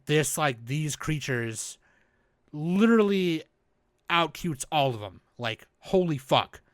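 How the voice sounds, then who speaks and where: A man's voice: fairly high pitch, lively intonation, takes it slowly, dry recording, studio quality. A man doing a gushing alien girl. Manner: squealing, cursing in delight. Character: excitable alien girl gushing over cute animals.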